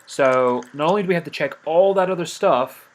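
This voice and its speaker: A game commentator with a brisk voice on the high side does let's play commentary. He talks himself through every step and scolds the game's characters in mock outrage.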